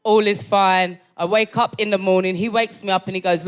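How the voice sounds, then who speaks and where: A woman's voice: medium pitch, fairly even intonation, moderate pace, clear, resonant tone. Brash woman telling stand-up stories. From London. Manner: brash storytelling, swearing, tags lines with "right?". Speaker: stand-up comedian. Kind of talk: stand-up set at a live comedy club. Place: comedy club stage before a live audience.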